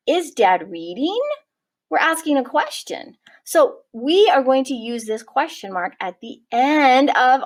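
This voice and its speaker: A kindergarten teacher woman with a fairly high, very lively voice guides small children through writing. She spells words out slowly and encouragingly, in a clear teacherly way. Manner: warm, encouraging, slow-spelling teacher talk. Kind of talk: early-years writing lesson.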